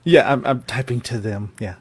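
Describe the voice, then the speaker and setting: A man's voice: mid-range voice, normal speed, breathy edge. A man with a Texan accent, laid-back and chuckling as a quiz contestant.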